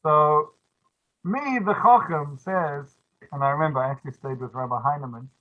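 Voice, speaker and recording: A man gives a storytelling lesson, chatty and full of restarts and asides. His voice sits a bit high, and the sound is thin and phone-like. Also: normal speed. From South Africa. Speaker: religious teacher.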